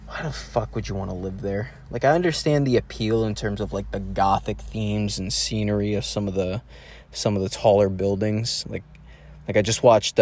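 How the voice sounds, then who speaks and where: The voice is fairly low and slightly mellow: a young man alone on his podcast, delivering a profane, rambling rant with many restarts and detours.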